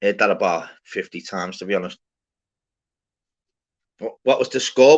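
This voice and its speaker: A man with a lowish voice talks at a normal pace, casually hosting an open-panel live stream full of slangy, profane banter. The stream audio sounds dull and lo-fi.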